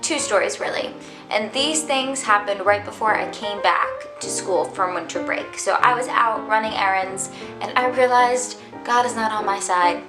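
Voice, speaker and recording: A woman's voice: mid-range voice, moderate pace. A young adult woman telling a casual storytime vlog in a dramatic, chatty way, full of "like". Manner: dramatic, chatty, heavy use of "like". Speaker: vlogger. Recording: echoey room with background music.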